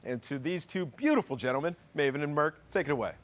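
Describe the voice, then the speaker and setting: A man narrating gameplay highlights as an esports caster, in an energetic, hype-building manner. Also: quick pace, a little hiss or hum. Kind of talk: highlight play-by-play commentary. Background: music.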